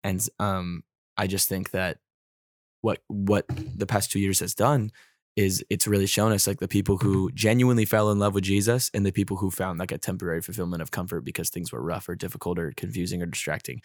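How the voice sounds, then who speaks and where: A man's voice: low voice, fairly even intonation, a little fast, no echo, studio quality. Young man talking loose and rambly. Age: 20s. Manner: rambling, heavy on fillers like "like" and "um". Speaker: podcast guest. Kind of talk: casual chat.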